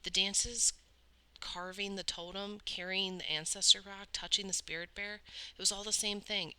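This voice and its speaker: A woman's voice: medium pitch, little pitch movement, normal speed, clean tone, pitched above the performer's own voice, low-quality recording. A woman voicing a remorseful, earnest teenage boy. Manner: earnest, pleading, quiet.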